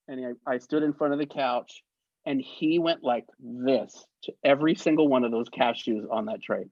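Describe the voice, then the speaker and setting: A man in his fifties, a guest on an interview, telling stories in a lively way and acting out the people in them. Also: mid-range voice, moderate pace, no room sound, lo-fi sound. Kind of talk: anecdotal storytelling.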